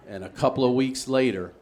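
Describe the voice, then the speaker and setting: A male stand-up comedian from Maryland telling a story on a comedy stage, animated and acting out voices, building up to loud punchlines. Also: mid-range voice, heavy background noise. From Maryland, USA. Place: comedy stage with a live audience.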